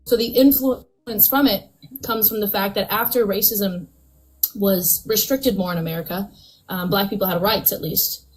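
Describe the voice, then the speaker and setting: A woman's voice: medium pitch, moderate pace, husky, poor audio. A woman in a casual online debate, explaining her point at length with many fillers. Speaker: debate participant.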